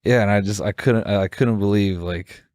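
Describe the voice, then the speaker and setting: A comedian co-hosting a podcast, telling a story in casual chat, rambling with lots of fillers and restarts. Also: male voice, fairly low pitch, normal speed, a little mellow, dry recording, clean studio sound. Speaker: podcast co-host; stand-up comedian.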